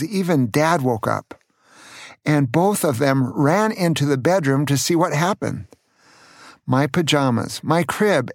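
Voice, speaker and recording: A man in his sixties from California, a grandfather gently and earnestly telling stories from his childhood on his own podcast. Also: on the high side, no room sound, studio quality. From California, USA. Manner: earnest, gentle, slow storytelling. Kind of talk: storytelling memoir.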